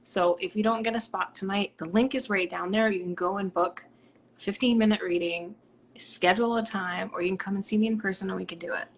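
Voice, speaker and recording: A woman from Rhode Island, hosting a live stream as a psychic medium, chatting and reading out viewer comments in a bubbly way that drops into soft whispers. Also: medium pitch, fairly even intonation, brisk, slight background noise.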